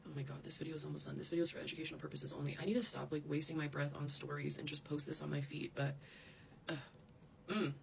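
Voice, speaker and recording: A woman vents straight into the camera, heated and profane, her complaints spilling out in rambling asides. Her voice carries a rough, creaky texture. A faint hiss of noise sits under the recording. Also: low-pitched, level tone, very fast, hardly any pauses, rough recording. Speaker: social media creator. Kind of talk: angry direct-to-camera rant.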